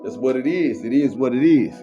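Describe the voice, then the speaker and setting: A man's voice: medium pitch, expressive, brisk, warm tone, faint music behind. A man giving a faith-based motivational monologue, repetitive and preachy, full of street slang. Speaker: motivational speaker. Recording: muffled lo-fi recording.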